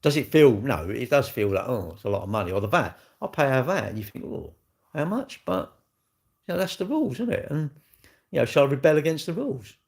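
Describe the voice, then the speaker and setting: A man chatting live to his viewers at home, rambling and blunt, swearing freely and swinging from loud jokes to low grumbles. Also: big pitch swings, fairly quick, creaky. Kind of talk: casual live-stream chat. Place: at home, moving about near the kitchen. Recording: echoey room.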